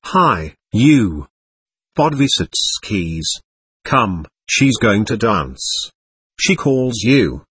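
A man reading as a reckless, drunken young man who broods and bursts out. His husky voice rises and falls widely. The sound is dry and close. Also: on the low side, big pitch swings, very slow, a bit bright, dry recording, exaggerated voice. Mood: boisterous. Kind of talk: audiobook narration.

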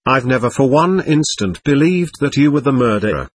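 A gentle, devout young man, soft and hesitant with his troubled brother, read by a man narrating an audiobook. The voice is husky and dry, with a lively pitch. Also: normal speed, no room sound. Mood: anxious. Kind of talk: audiobook reading.

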